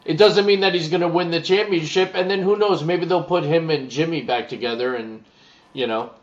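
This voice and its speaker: A relaxed man co-hosts a casual live stream and reads viewer comments aloud. His voice sits somewhat high for a man. The audio is slightly dull and lo-fi. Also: brisk. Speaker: wrestling podcast co-host.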